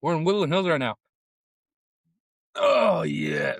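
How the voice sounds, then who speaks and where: Talking slowly in a slightly high, gravelly voice with lively intonation, this middle-aged comedian and food vlogger films a casual taco review at the restaurant itself. He curses and rambles, moving between chewing sounds and sorrowful admissions as he works through his grief, near tears. The audio is dry.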